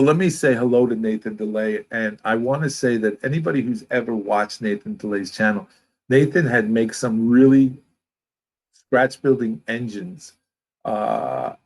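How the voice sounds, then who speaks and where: A man from Brooklyn with a New York accent, a guest in a casual interview who rambles warmly and animatedly. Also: lowish voice, rough recording. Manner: rambling, animated, talks with his hands.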